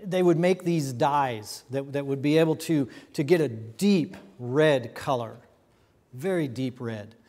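A man's voice: medium pitch, a little slow, a little mellow, long reverb tail. A man preaching a sermon as a pastor, emphatic and full of rhetorical questions and repeated phrases.

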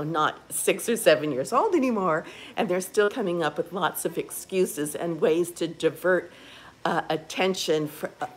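Older woman, low-voiced, rambling candidly. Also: slight background noise. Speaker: vlogger. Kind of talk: casual personal video diary. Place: rehab facility.

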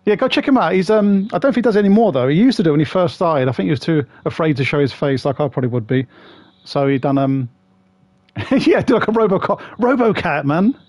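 A man's voice: fairly high pitch, animated, fast, darkish tone, no room sound. A British man streaming a game, chatting casually with viewers, laughing often and joking about himself.

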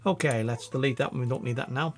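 A man with a Scouse accent giving a casual, chatty software tutorial, thinking aloud as he works. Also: medium pitch, fast talker. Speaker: video editing tutor.

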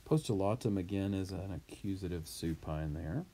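A man teaching from a Latin reader, reading each line and then translating and explaining it, with his voice leaping up for the shouted quotes. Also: deep voice, moderate pace, few pauses, breathy edge. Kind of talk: reading aloud and explaining a textbook.

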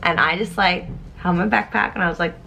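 A young woman vlogging casually through online quizzes, animated and excitable, thinking aloud as she goes. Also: lowish voice, a little fast, gravelly, a little hiss or hum. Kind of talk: casual quiz vlog.

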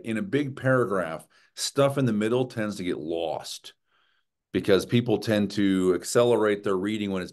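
Man, lowish voice, writing workshop presenter, conversational lecture, animated. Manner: animated, often checks in with "right?" and "okay?".

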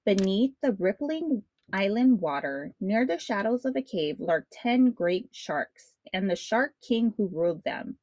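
A woman's voice: medium pitch, very animated, a little slow, darkish tone. A woman reading a children's picture book aloud as a read-along host, in a friendly storytelling manner. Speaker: storybook reader.

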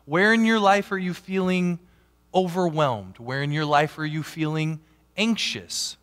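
A man preaching a sermon as a pastor, animated, swinging from loud emphatic peaks down to quiet asides. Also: a little high, a little slow. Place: church sanctuary. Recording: long church hall reverb.

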